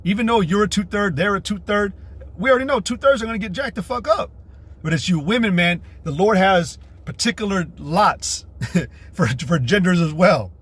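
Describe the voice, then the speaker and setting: A man's voice: high-pitched, lively intonation, normal speed, a bit bright, breathy edge. A man preaching a profane, combative livestream sermon, repeating himself and mocking women in put-on voices. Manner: mocks women in a mimicking voice. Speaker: street preacher.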